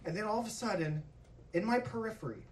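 A man telling a stand-up story on a comedy stage, swearing freely and acting out yelling coaches. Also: high voice, quick pace, far from the mic, a little hiss or hum. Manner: profane, animated, acts out coaches' yelling. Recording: echoey hall with crowd laughter, mic from afar. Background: audience laughing.

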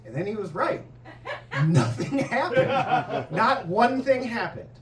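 A man's voice: very high voice, lively intonation, slow, slight background noise. A man performing a stand-up set, telling a profane, self-mocking story. He is recorded on a comedy club stage with a laughing audience. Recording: roomy club, distant mic, laughing audience.

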